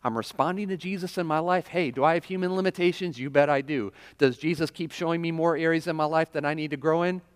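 A man's voice: on the high side, fast talker, few pauses, clean tone. Conversational male preacher in a reverberant church. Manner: conversational preaching with frequent "right?" and audience questions. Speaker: pastor. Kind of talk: sermon. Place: church sanctuary. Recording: long reverb of a large hall.

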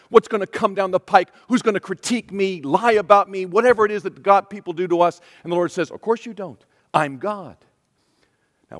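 A man's voice: sits high, fairly bright tone, big-room sound. A middle-aged male pastor preaching a passionate sermon, often speaking as Jesus would to his listeners. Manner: impassioned, voices Jesus speaking directly to listeners.

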